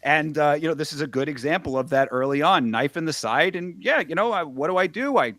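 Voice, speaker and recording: A man's voice: a little high, expressive, brisk, a bit bright, no room sound. A man co-hosting a casual film review chat, retelling scenes with wry sarcasm and laughter. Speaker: podcast co-host.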